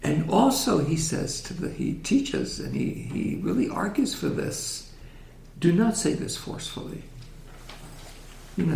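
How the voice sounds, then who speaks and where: A man giving a gentle, reflective religious lecture in a synagogue hall, often asking his audience questions. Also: a little high, very animated, measured pace, creaky, a little hiss or hum.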